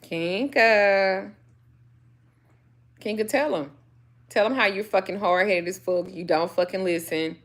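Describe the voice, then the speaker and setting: With a medium-pitched voice, she keeps a measured pace and leaves long pauses. This spiritual reader and vlogger talks casually to camera in a blunt rant, cursing freely and chatting to her dogs too.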